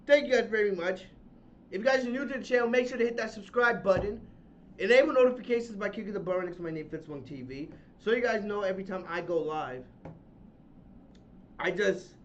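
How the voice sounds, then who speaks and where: A man with a very high voice rants through his podcast review, angry and profane, saying his points again and again. The sound is dull and lo-fi. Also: moderate pace, pauses often. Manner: angry, profane, loud ranting with repeated phrases. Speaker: podcast host. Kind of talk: ranting wrestling review podcast.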